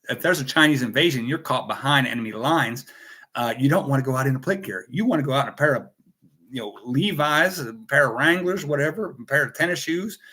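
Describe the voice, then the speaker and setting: A man's voice: mid-range voice, sharp tone, breathy edge. Rambling joking American man hosting a chat. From United States. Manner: rambling, joking, greets viewers by name. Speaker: host. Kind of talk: casual livestream chat.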